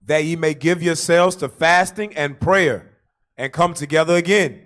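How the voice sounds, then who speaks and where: A man reading Bible verses aloud for the bishop in a steady, plain way, heard from some way off the microphone. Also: fairly high pitch, moderate pace. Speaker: scripture reader.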